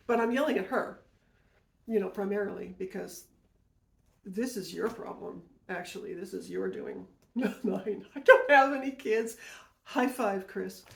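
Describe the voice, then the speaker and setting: A woman hosts a podcast and tells a personal story in a loose, rambling way, doubling back to correct herself. Her mid-pitched voice has a gravelly fry. The room adds a noticeable echo. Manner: rambling, with frequent self-corrections and asides. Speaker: podcast host. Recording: roomy echo.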